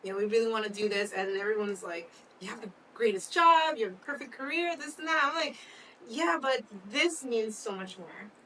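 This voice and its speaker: A woman's voice: a little high, lively intonation, brisk, pushed and bright, far from the mic, poor audio. A woman co-hosting a talk show, chatting candidly and laughing often. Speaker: co-host. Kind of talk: casual chat.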